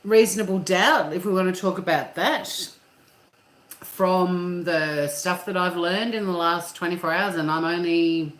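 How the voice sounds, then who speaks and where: A woman's voice: on the low side, unhurried, echoey room. A woman from Tasmania with an Australian accent, hosting a casual livestream and chatting with viewers in her kitchen, laughing often and swearing now and then. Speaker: livestream host. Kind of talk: casual chat reading viewer comments. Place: home kitchen.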